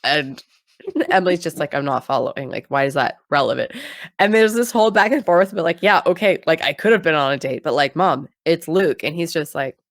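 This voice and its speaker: A woman in a casual chat, recapping an episode with lively, acted-out quotes and frequent laughs. Her voice sits on the lower side and sounds dry and close, with no room around it. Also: a little fast, no echo. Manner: animated retelling, acting out quotes with laughs. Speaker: podcast co-host.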